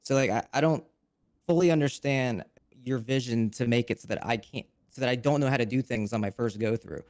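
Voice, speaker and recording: A man's voice: mid-range voice, a little fast, a little mellow, no room sound, clean studio sound. A man playing a mock investor judge, stammering and thinking aloud in casual banter.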